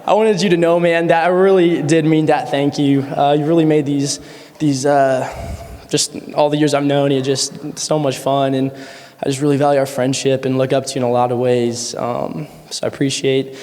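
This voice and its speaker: A young man, friend of the groom, gives a casual wedding toast in a reception hall, his medium-pitched voice darkish, fairly flat, and moderately paced. He rambles through stories with lots of fillers and laughs, and the hall sounds echoey.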